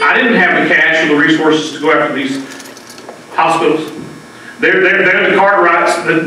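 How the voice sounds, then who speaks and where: A middle-aged man speaks with earnest passion to a public gathering, his fairly high, bright, forceful voice stumbling over repeated words as he pushes on. He is picked up from across a very echoey room, so his voice rings with reverb. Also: a little hiss or hum. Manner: emotional, earnest, repeats words when stirred. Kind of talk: impassioned public address. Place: public library meeting room. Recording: very echoey hall, mic far off.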